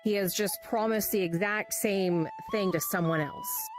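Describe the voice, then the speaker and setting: A woman's voice: medium pitch, steady tone, unhurried. A woman player in a casual role-play game chat, explaining insistently with stumbling restarts. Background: music.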